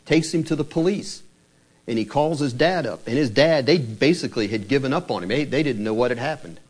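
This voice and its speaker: A man's voice: medium pitch, animated, brisk. A man preaching a sermon, retelling a true story in a conversational, dramatic way. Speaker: pastor.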